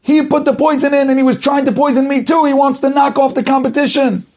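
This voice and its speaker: A man acting out a scheming male grain merchant who loudly and frantically accuses a rival. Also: extremely high pitch, flat delivery, fast talker, pitched above the performer's own voice. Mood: accusing shout.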